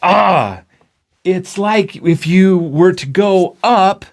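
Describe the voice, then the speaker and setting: A man doing a squeaky flat-world guy. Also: drawn-out words, exaggerated voice. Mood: pleading. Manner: high squeaky outbursts. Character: flat two-dimensional man, playful and baffled.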